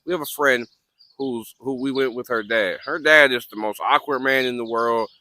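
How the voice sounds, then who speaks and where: A man's voice: medium pitch, normal speed, no echo. A young man from Michigan, co-hosting a casual chat outdoors by a fire, telling rambling stories full of restarts. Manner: rambling, animated storytelling with repeated restarts. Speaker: podcast co-host. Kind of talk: casual group banter.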